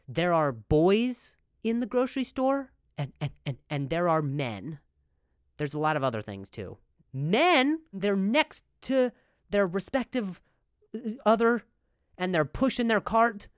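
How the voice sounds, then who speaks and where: A man's voice: high-pitched, a little slow, clean tone, no room sound, studio quality. A male comedian doing a rambling comedic monologue, with a stutter that makes him repeat words. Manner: animated, rambling.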